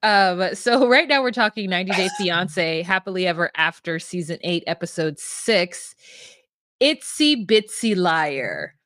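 A woman's voice: on the low side, normal speed, few pauses, bright, forceful tone, dry recording. Woman, podcast co-host, playful, rambling, dry close mic. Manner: playful, rambling, sing-song asides. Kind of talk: casual podcast chat.

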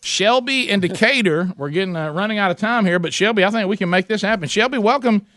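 A man hosting a radio call-in show, calling a prize wheel and chanting and shouting as it spins. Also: high-pitched, fast.

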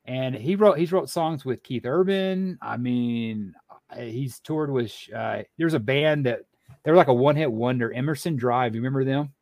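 A man's voice: medium pitch, moderate pace, darkish tone, no echo. A man co-hosting a podcast, chatting casually and rambling through stories with many fillers and restarts. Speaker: podcast co-host. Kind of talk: casual chat.

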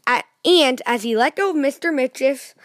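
A woman with a high, bright voice reads a children's storybook aloud. She tells it in a lively way and turns to her young listeners with questions. The sound is dry and close, with little room. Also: moderate pace, no echo.

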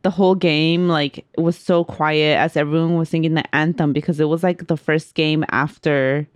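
A young woman with a very low voice co-hosts a casual podcast. She chats in a playful, animated way and tosses in quick reactions. The sound is dry and close. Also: dry recording. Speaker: podcast co-host. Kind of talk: casual chat.

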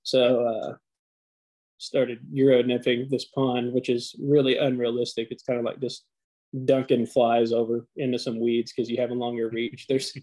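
A man co-hosting a podcast, telling stories in an animated, profane, casual way, full of fillers. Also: medium pitch, moderate pace, low-quality recording. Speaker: podcast co-host. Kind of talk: casual chat.

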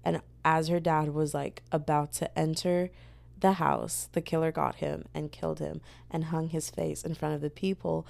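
A woman's voice: deep voice, little pitch movement, normal speed, gravelly, darkish tone, dry recording. A young woman chatting casually on her channel, retelling a story in a rambling way, full of fillers and quoted voices. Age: young adult. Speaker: book vlogger.

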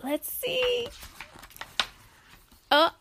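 Unhurried woman reading a storybook aloud. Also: very high voice, expressive, vocal fry, noisy background. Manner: gentle, playful, with chatty asides. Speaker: reader to a child. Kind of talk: reading a picture book aloud.

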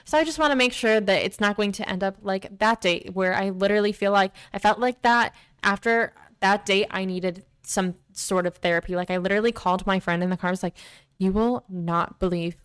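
A young woman hosts her own podcast, talking casually and animatedly with constant "like" fillers. Her voice sits at an ordinary middle pitch for a woman and sounds smooth and clean. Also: a little fast, hardly any pauses. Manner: chatty, lots of "like" fillers, animated retelling. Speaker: podcast host. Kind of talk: casual storytelling monologue.

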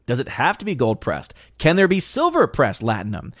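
A man casually reading and joking about viewer comments on a live stream, in an animated, playful way. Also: mid-range voice, a little fast. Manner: animated, jokey riffing on chat comments.

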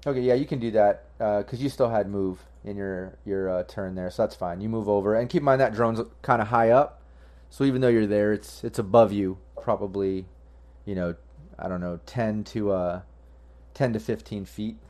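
A man's voice: lowish voice, normal speed, mellow. A man running a tabletop game as game master, rambling with fillers and restarts.

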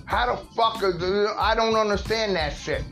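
A man's voice: high-pitched, normal speed, a bit bright, echoey room, soft background music. A man ranting heatedly in casual talk, swearing a lot and repeating himself. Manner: profane, fired-up, repeats himself.

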